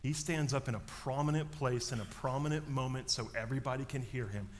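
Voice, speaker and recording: A man in his thirties preaches in a lively storytelling manner, dropping to near whispers and then rising sharply. His voice sits at an ordinary middle pitch. A faint hum of noise stays under his voice. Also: brisk. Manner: animated storyteller, swings from hushed to loud. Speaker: pastor. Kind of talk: sermon with personal story.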